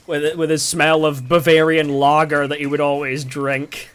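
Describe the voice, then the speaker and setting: A man's voice: on the high side, level tone, normal speed, a bit bright, smooth. A young man from the UK chatting casually and rambling, with lots of fillers and swearing, while streaming a game. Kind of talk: casual storytelling while gaming.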